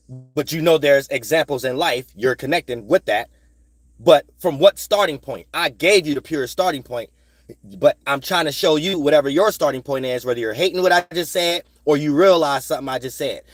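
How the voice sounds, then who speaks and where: A man's voice: medium pitch, no echo. A man giving a rambling spiritual monologue, profane and streetwise, repeating phrases and constantly asking if you follow him. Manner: profane, streetwise, keeps asking "you know what I'm saying"; repeats phrases in sing-song bursts. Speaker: spiritual vlogger.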